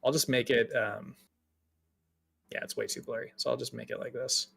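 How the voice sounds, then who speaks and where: A man narrating a tabletop game as game master, relaxed and descriptive. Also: mid-range voice, moderate pace, vocal fry, slightly rough. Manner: relaxed, laughs often, descriptive.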